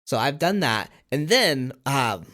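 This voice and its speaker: A man co-hosting a casual podcast, telling family stories in an animated, lively way. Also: mid-range voice, slow. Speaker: podcast co-host.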